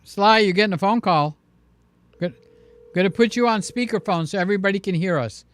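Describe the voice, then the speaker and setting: A man's voice: sits high, fairly quick, a bit bright. A man hosting a casual live stream, chatty and jokey, acting out voices as he tells stories. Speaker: livestream host.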